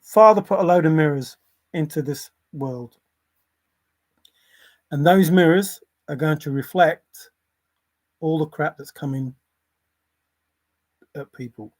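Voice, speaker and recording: Guy rambling on his livestream, kinda high voice, laughs a lot, dry close sound. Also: slow pace, pauses often, darkish tone, dry recording. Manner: rambling, chuckling, apologetic. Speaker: livestream host. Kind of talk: casual livestream chat.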